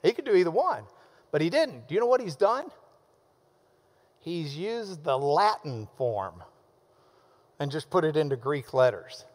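A man's voice: fairly high pitch, sing-song, unhurried, pauses often, big-room sound. A man preaching a sermon as pastor, enthusiastic and emphatic, with playful asides.

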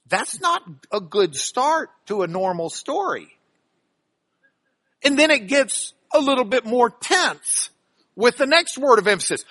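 A man teaching scripture with a high, bright voice. He hits key words with sudden loud emphasis, then drops into chatty asides that check whether listeners are following. His pitch swings widely as he talks. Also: big pitch swings, measured pace, no echo. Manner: dramatic, bursts of loud emphasis. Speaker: Bible teacher. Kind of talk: Bible teaching broadcast on radio.

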